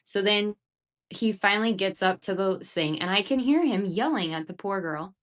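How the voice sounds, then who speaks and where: A woman's voice: medium pitch, normal speed. A woman co-hosting a podcast, telling a story in a chatty, laughing way full of fillers. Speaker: podcast co-host. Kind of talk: casual chat, storytelling.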